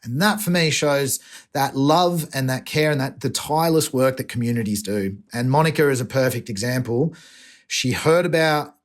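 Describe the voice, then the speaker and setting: A man's voice: medium pitch, moderate pace. An Australian man, an environmental activist, talking emotionally and earnestly in a podcast interview, often restarting his sentences.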